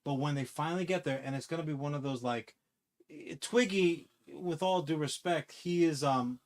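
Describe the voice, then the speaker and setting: A man chatting casually on a podcast, rambling and swearing as he pitches a movie idea with acted-out quotes. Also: moderate pace. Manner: rambling, profane, animated storytelling with acted-out quotes. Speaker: podcast co-host. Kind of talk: casual comic-book podcast chat.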